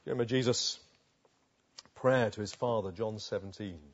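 A man preaching a sermon, dropping to a hush and then rising loud, slow and emphatic with long pauses. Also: fairly low pitch, muffled recording. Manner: dramatic swings between hushed and loud passages.

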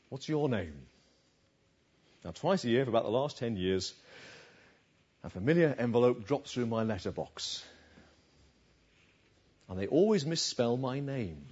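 Captured on a dull lo-fi recording, a man preaches in a conversational style, asking his audience questions. His voice is a little high, with a darkish tone and a breathy edge.

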